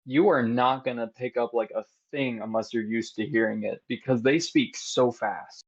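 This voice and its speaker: Lively young man on a dull mic. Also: medium pitch, normal speed. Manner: animated, laughs easily, chatty. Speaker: podcast co-host. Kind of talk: casual chat.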